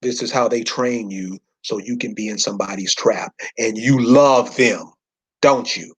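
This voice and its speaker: A man's voice: lowish voice, measured pace, breathy edge. A man giving an informal lecture from a map, speaking in loose slangy speech and firing rhetorical questions straight at his listeners.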